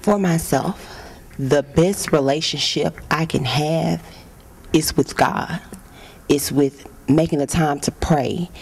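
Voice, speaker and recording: A woman's voice: deep voice, slow, gravelly, darkish tone, husky. A woman sitting on a church talk show panel who speaks fervently and opens with exclamations of praise. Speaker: panel guest.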